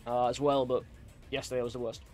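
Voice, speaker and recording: A man's voice: medium pitch, little pitch movement, fast talker, a little mellow, faint music behind. A young English man rambling and joking at himself while chatting through a game stream. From England. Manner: rambling, self-deprecating, jokey. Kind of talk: casual gameplay chat.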